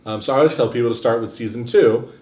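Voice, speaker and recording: A man's voice: mid-range voice, quick pace, darkish tone. Matter-of-fact man, roomy sound. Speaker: podcast co-host. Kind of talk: casual chat. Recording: roomy echo.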